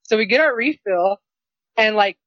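A woman cohosting a casual chat, telling a story with animated, profane exasperation. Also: mid-range voice, moderate pace, no echo. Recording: dry, slightly dull lo-fi sound.

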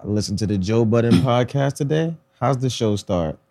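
Animated man telling a story. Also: moderate pace. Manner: animated storyteller, acts out quotes with raised pitch. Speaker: podcast co-host. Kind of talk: casual chat.

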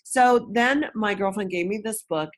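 A woman's voice: medium pitch, measured pace. A woman guest in an interview, frankly telling a personal story and acting out the voices of people she quotes.

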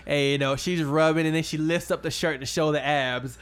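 A man's voice: brisk, clean tone. A young man telling a funny story in casual chat, acting out quotes and laughing often. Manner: animated, acts out quotes in high voices, laughs often.

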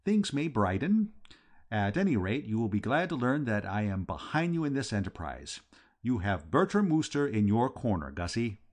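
Guy doing chatty posh young gent, bouncy, pitch going all over. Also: very animated, normal speed. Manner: jaunty, bluff and talkative. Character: breezy young English gentleman, chatty and confident.

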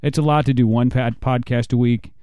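A man's voice: mid-range voice, fairly even intonation, brisk, mellow, clear, resonant tone, dry recording, muffled recording. Rambling, stammering podcast host man. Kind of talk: casual podcast chat.

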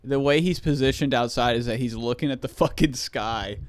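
A man's voice: medium pitch, brisk. A man joking and cursing in casual chat as a podcast co-host, recalling movie scenes. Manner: profane, joking banter.

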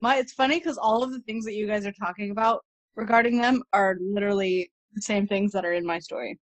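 A woman with a middling voice chatting casually as a podcast co-host. She chimes in eagerly and talks in quick, loose phrases. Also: medium pitch, no room sound. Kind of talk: casual chat.

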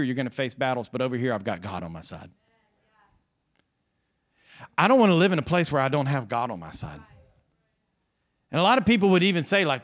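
A middle-aged man preaching an earnest, impassioned sermon as pastor, repeating his phrases for emphasis. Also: medium pitch. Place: church service. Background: soft music from the band.

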